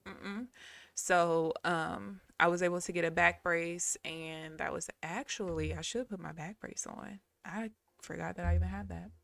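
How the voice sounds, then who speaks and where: A woman's voice: on the low side, fairly even intonation, measured pace, gravelly, fairly bright tone, dry recording. A woman chatting casually and candidly on a live stream, laughing often.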